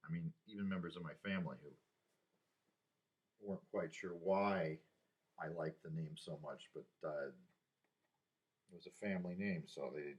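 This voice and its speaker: Low-voiced older man, rambling. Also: fairly even intonation, muffled recording. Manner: rambling, halting, with sighs and restarts. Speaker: vlogger. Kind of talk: casual personal monologue.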